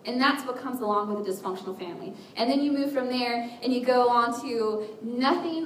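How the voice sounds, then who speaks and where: A woman's voice: fairly quick, hardly any pauses. A woman giving a candid, self-mocking personal testimony to a church group, acting out her inner voices as she speaks. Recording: roomy echo with a faint rumble, voice picked up from a distance.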